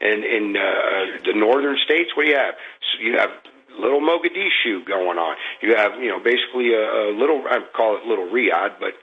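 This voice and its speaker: A man calling in to a radio show, venting in a rambling, frustrated way, halting often with fillers. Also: lowish voice, lively intonation, breathy edge, narrow, tinny audio. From Florida. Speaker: radio caller. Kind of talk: call-in venting.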